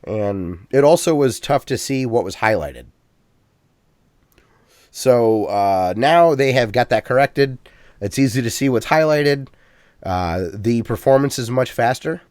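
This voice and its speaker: A man's voice: mid-range voice, lively intonation, a little mellow, no echo. Easygoing male podcast host, dry sound. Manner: easygoing, halting, with frequent restarts. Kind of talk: casual gaming podcast chat.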